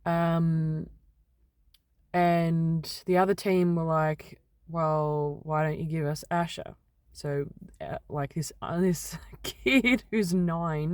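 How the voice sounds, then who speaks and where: A woman's voice: deep voice, no echo, studio quality. A woman, talking candidly in a rambling personal vlog, getting heated and swearing mildly as she vents. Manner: rambling, animated when venting, mild swearing. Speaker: vlogger.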